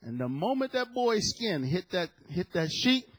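A middle-aged male pastor preaching a sermon through a story, swinging from hushed telling to loud shouted points and acting out the people in it. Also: high voice, sing-song, normal speed. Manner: acts out the people in his story with voices.

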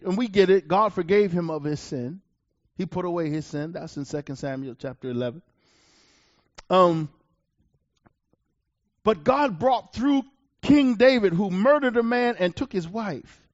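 A man preaching a sermon, reading scripture aloud and swinging from loud declarations to quiet asides. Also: dull audio. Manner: emphatic, rising to loud declarations then dropping low.

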